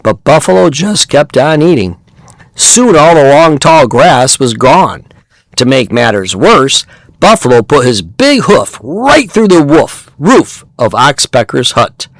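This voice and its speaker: A man reading a children's animal story aloud, slowly and expressively, as a podcast host. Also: on the high side, no room sound. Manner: slow and expressive. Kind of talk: storybook narration.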